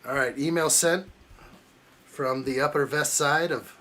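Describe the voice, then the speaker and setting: A man's voice: a little high, fairly even intonation, a little slow, sharp tone. A man hosting a live building stream, chatting casually and jokingly with viewers as he reacts to the chat. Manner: jokey, chuckling, reacts to chat.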